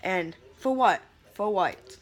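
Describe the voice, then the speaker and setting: A young woman vlogger goes off in a fiery, profane rant about wrestling, sassy and worked up, addressing people as "honey." Her mid-range voice is animated, though she speaks slowly.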